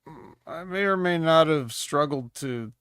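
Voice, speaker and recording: A man's voice: fairly high pitch, lively intonation, a little slow, a bit bright, clean tone, no echo. A man co-hosting a wrestling review podcast, recapping matches in a dry, joking, rambling way. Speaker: wrestling show co-host. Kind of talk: casual podcast chat.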